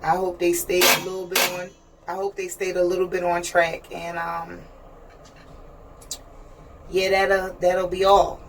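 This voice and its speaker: Low-voiced woman vlogging on a train. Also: completely flat delivery, a little slow, long pauses. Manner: chatty, earnest, often asks "you know what I mean". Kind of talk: casual personal vlog. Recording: distant mic with train noise.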